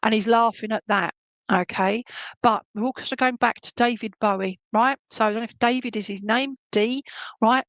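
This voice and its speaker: A woman giving live psychic readings to viewers, chatty and animated, humming tunes and relaying messages as she goes. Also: mid-range voice, dry recording.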